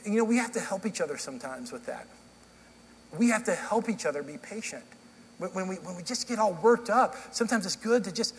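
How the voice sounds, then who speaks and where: A middle-aged male pastor preaches in a fairly high voice, telling stories in a loose, conversational way and often restarting his sentences. His words ring out with a long hall reverb in a church, and a faint hum sits underneath. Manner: conversational storytelling with frequent restarts. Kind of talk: sermon. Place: church sanctuary.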